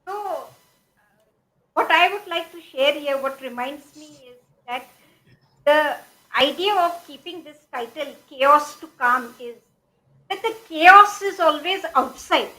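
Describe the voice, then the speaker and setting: A middle-aged Indian woman speaks as an interview guest in a high, clear register. Her tone is bright and crisp. She lays out motivational ideas in a measured, explaining way, leaning on examples and quotes. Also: animated, low-quality recording. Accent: Indian English. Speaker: guest speaker, life coach.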